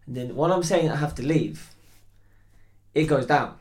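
A man tells a story in casual podcast chat. His voice sits a bit high, and he gets animated and laughs as he goes. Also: normal speed, pauses often. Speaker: podcast guest.

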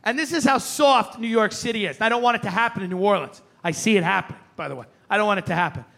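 Brash high-voiced Long Island comic. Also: male voice, fast talker, creaky. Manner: brash, loud, mocking. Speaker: stand-up comedian. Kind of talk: stand-up set.

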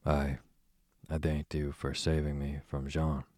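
A man reading an audiobook, voicing a timid young boy who answers in a soft, deferential murmur. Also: rumbling low, little pitch movement, a little slow, dry recording, studio quality.

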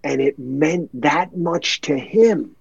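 A man's voice: a little high, slow pace, vocal fry, husky, dry recording, highs cut off. A man telling a heartfelt personal story in a podcast chat, earnest and emotional, repeating words for emphasis.

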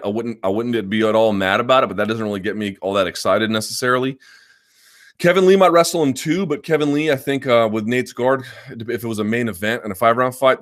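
Emphatic low-voiced man hosting a podcast. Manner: emphatic and combative, repeats points; casual with many fillers. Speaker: MMA podcast host. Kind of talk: live-stream commentary.

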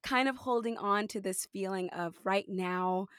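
A woman's voice: mid-range voice, measured pace, fairly bright tone, clear, resonant tone, no echo, clean studio sound. A young adult woman hosting a podcast, chatting casually with lots of fillers and laughter. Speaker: podcast host. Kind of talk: casual conversation.

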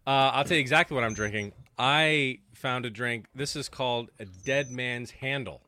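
A man's voice: medium pitch, normal speed, sharp tone. A man hosting a casual basketball postgame show, loose and swearing as he runs the panel. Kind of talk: casual podcast chat.

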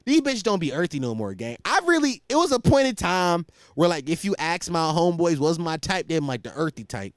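A young man hosting a podcast, in a casual comedic rant that is profane and animated, and he laughs at his own stories. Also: on the high side, fairly quick, hardly any pauses, no echo, studio quality. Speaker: podcast host.

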